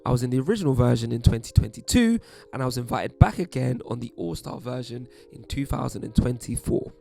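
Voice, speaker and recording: Wry chatty British man, gravelly. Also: medium pitch, a little fast, soft background music. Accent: British English. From England. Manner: chatty, wry, lively asides. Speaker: YouTube host. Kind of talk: casual commentary to camera.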